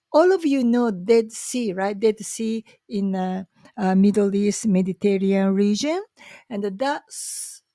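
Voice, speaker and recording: A woman with a Japanese accent talks slowly and warmly in a chatty, enthusiastic vlog. Her voice sits a little high, and the sound is dry and close. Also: no echo. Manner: chatty, enthusiastic, many fillers. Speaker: vlogger. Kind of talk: casual talk to camera.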